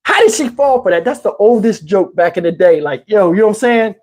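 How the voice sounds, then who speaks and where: A man telling a story in a casual, animated way, swearing freely and acting out what people said. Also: sits high, brisk. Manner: animated, profane, acts out quotes. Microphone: wireless lapel mic.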